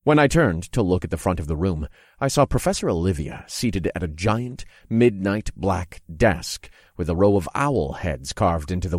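Deep-voiced male story narrator. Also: a little mellow, no echo, clean studio sound. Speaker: first-person narrator.

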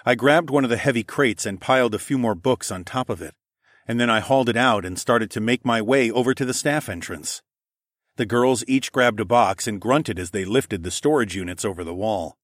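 A man narrating a first-person audiobook story in a steady, even storytelling manner. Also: medium pitch, moderate pace, dry recording, clean studio sound.

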